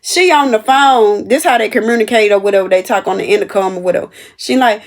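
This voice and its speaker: A young woman telling a story about her cashier job to her viewers, animated and emphatic. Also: medium pitch, fast. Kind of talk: casual storytelling to camera.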